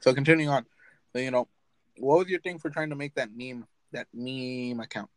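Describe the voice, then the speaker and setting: A man's voice: mid-range voice, normal speed, no echo, rough recording. A young man hosting a casual podcast chat, telling stories with lots of swearing and laughter. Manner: storytelling, swears freely, laughs often. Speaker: podcast host.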